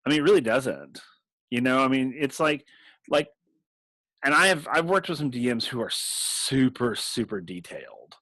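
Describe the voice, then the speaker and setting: A man's voice: mid-range voice, expressive, normal speed, fairly bright tone, dry recording, rough recording. Chatty laughing man, dry room. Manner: chatty, laughs often, rambling restarts. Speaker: game master and podcast host. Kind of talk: casual chat.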